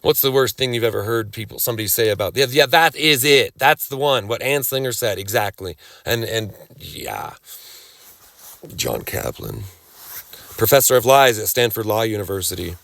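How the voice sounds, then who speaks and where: Halting man in a dry, close sound. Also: mid-range voice, fairly bright tone, dry recording. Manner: rambling, halting restarts, coughs and throat clearing; sarcastic asides. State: occasional coughing. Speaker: cannabis rights lecturer. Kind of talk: casual lecture over slides.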